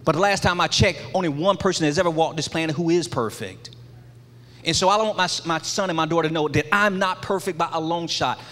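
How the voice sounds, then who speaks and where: A man's voice: a little high, brisk, fairly bright tone. A middle-aged man leading a church men's ministry, giving an impassioned testimony sermon with a repetitive preaching cadence. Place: large church sanctuary. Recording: long hall reverb.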